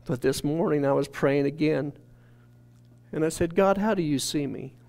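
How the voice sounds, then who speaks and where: A man's voice: a little high, moderate pace, vocal fry. A man from a church staff telling an earnest, emotional testimony in a sermon. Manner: earnest storytelling, rising to shouted quotes.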